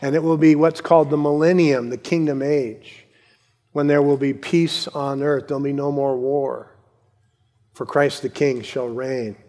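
Preaching pastor with a ringing hall echo. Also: male voice, mid-range voice, fairly even intonation, a little slow. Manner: emphatic preaching with sudden drops to soft asides. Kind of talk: sermon. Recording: long hall reverb.

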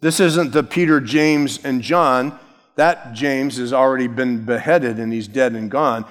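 A man's voice: mid-range voice, unhurried, in a large hall. A man preaching an expository sermon as pastor, emphatic, stressing key words and shifting his pace.

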